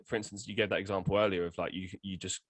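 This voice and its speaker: A man hosting a podcast in casual chat, animated and quick to stammer and restart his sentences. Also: sits low. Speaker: podcast host.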